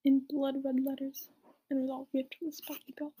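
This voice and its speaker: A young woman reading a story aloud in a soft, mocking whisper with asides, as whispered role-play. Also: high voice, completely flat delivery, a little fast. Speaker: reader.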